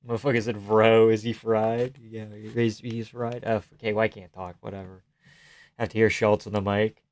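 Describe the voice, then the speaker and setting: A man's voice: mid-range voice, darkish tone, clean tone, no echo. A young man hosting a live stream, casually chatting and reading viewer comments aloud, swearing freely and laughing often.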